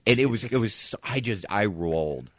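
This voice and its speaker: A man with a very low voice tells a story in a relaxed chat at home. He swings his pitch widely and acts out what each person said. The sound is dry, with no room echo. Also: normal speed. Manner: animated storyteller, acts out quotes. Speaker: podcast co-host. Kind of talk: casual storytelling over drinks. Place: indoors, home.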